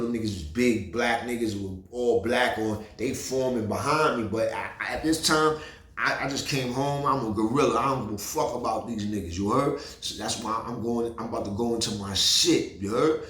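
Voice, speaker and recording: New man, mid-pitched, animated street storyteller, roomy echo on the recording. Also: normal speed. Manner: animated, profane, repeats "you heard".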